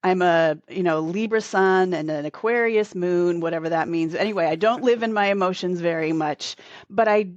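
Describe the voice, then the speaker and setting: A woman coach speaks as an interview guest, relaxed and explanatory, often using "like" as a filler. Her voice sits low. The audio is dry and a little dull, like a remote recording. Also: normal speed, dry recording. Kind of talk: casual conversational interview.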